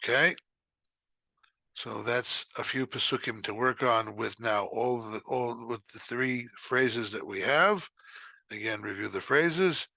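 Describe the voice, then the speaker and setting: A man teaching a recorded lesson, explaining quickly in short bursts and then chanting phrases slowly. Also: lowish voice, lively intonation, gravelly, bright, forceful tone, dry recording.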